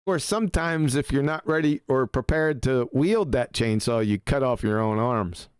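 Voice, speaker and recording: Male podcast host, mid pitch, dry close mic, relaxed and laughing. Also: moderate pace, smooth, no room sound. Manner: laid-back, laughs often. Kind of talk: casual chat.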